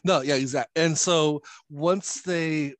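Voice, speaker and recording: A man's voice: a little high, takes it slowly, no echo. A man casually recapping a comic series, full of fillers and chuckles as he talks. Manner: rambling, many fillers and chuckles. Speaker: podcast host.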